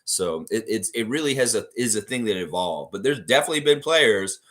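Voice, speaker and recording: A man hosts a casual livestream, his voice sitting a little low. He rambles in a loose, relaxed way and stops now and then to read viewer comments aloud. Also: a little fast. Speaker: livestream host.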